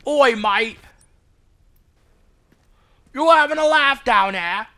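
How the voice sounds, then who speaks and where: A man's voice: very high-pitched, expressive, slow, sharp tone, voice pushed up, exaggerated voice. A man hamming up a rowdy Australian bloke. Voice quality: exaggerated, over-the-top. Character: rowdy joking Australian bloke, adult male.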